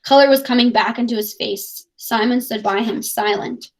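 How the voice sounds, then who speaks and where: A woman English teacher with a slightly high voice, reading passages from a novel and breaking them down for students. Her delivery is casual and chatty, with plenty of "like" and "um". It feels like a relaxed recorded lesson. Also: normal speed. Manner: casual, chatty, many "like" fillers.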